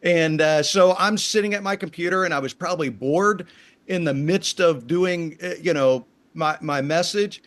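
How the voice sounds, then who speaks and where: Man, pastor, podcast guest, relaxed rambling talk, high-pitched. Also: moderate pace. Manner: relaxed, rambling explanations with fillers. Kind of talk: casual interview talk.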